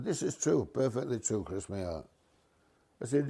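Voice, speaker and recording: Older man, retired bus driver type; chatty, mischievous storyteller at an ordinary pitch. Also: moderate pace, gravelly, breathy edge. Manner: lively, mischievous storyteller, dialect grammar. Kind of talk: casual anecdote.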